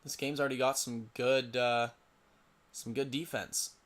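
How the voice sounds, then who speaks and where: A man's voice: mid-range voice, steady tone, measured pace, a bit bright. A young man doing casual solo play-by-play for a simulated lacrosse game, stumbling over player names and muttering asides to himself.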